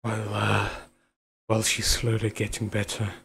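A man voicing a gentle, anxious young husband in an audio role-play, stammering soft reassurances to his wife. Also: lowish voice, monotone, moderate pace, gravelly, slightly rough, exaggerated voice. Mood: tender worried. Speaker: voice actor.

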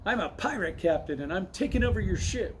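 Guy reading aloud doing a bratty little kid, high and pushy, yelling and teasing. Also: lively intonation, a little fast, a little hiss or hum. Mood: bossy. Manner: bossy, teasing, shouting. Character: cocky boy of seven, pirate-playing brat.

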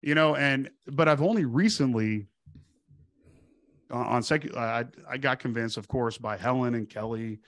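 A middle-aged man raised in Texas talks like he's telling stories at a bar. He swears freely, trips over his own restarts, and slips into the voices of the guys he's quoting. His mid-pitched voice sounds close and dry, with no room echo. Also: moderate pace. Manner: profane, animated, acts out quoted voices with restarts. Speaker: podcast guest. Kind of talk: casual conversational storytelling.

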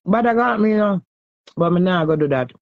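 A woman's voice: fairly low pitch, expressive, a little fast, no echo, phone-quality sound. A woman with a Jamaican accent ranting heatedly and scolding someone in a repetitive live stream.

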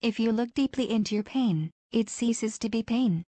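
A foul-mouthed, sarcastic mystic woman, as an actress plays her speaks in a mid-pitched voice. The recording is dry and close, with no room sound. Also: normal speed, warm tone, no echo, lightly acted. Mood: scornful. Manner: sarcastic, profane, declaiming.

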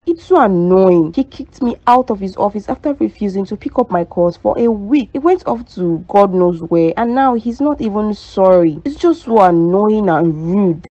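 Woman voicing a sulky, jealous young woman in a cartoon drama; mellow, dull lo-fi sound. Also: mid-range voice, animated, moderate pace, few pauses, no echo, close to an everyday voice. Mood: sulking. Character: jealous young woman, Rachel, chasing a man. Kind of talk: cartoon dub acting.

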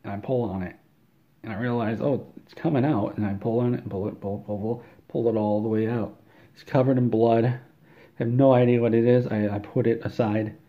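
A man delivers an absurd comedic monologue, deadpan and rambling, and often trips over repeated words. His voice sits fairly low. The recording is dull and lo-fi. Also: a little fast. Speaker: comedic storyteller.

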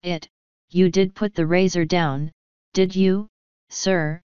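A woman's voice: on the low side, steady tone, slow pace, a little mellow, smooth, no echo, dull audio. A woman reading an audiobook, voicing a formal, unflappable male butler who politely says sir. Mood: deadpan. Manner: deferential, ends lines with sir.

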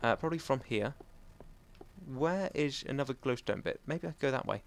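A young man giving let's play commentary, self-mocking with sudden excited outbursts. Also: medium pitch, fairly quick, creaky, no echo. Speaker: gaming channel host. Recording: faint game music behind.

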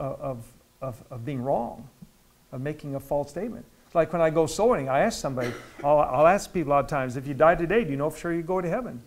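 A man's voice: on the high side, vocal fry. Man teaching a church Bible study. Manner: conversational, repeats words, rises to emphatic loud stretches. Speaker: pastor.

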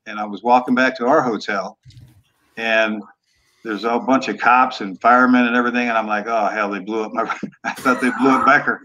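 A man's voice: medium pitch, bright, forceful tone. A man in his sixties, a former quarterback, telling stories in a laid-back, blunt way with casual cussing. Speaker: guest, former football quarterback. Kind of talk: casual storytelling interview. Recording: dull lo-fi remote audio.

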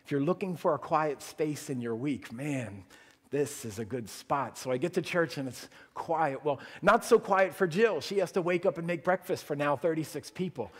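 A man preaching a sermon as pastor, telling a story in an animated way and acting out the quotes. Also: fairly high pitch, normal speed. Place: church sanctuary. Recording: long church reverb.

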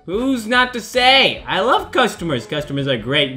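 Bright, goofy gaming commentator man. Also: a little high, moderate pace, hardly any pauses, soft background music. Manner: goofy, joking, excitable. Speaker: gaming video host. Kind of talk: horror game commentary.

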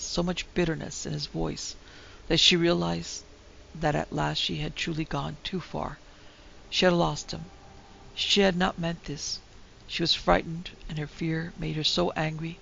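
A woman narrating a classic ghost story in a measured, dramatic way. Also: sits low, level tone, gravelly, fairly bright tone. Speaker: narrator and producer. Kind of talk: scripted horror story narration. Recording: dull lo-fi recording with faint hiss.

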